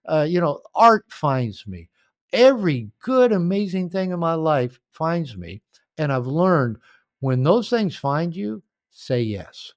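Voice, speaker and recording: A man's voice: fairly high pitch, big pitch swings, slow pace, no echo. An older man telling stories in a podcast interview, rambling and anecdotal, recorded at home. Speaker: author and coach.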